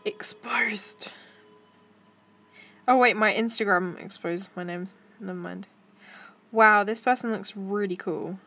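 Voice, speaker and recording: A woman's voice: medium pitch, moderate pace, fairly bright tone. A young woman chatting casually to her stream while browsing pictures, giggly and talking to herself.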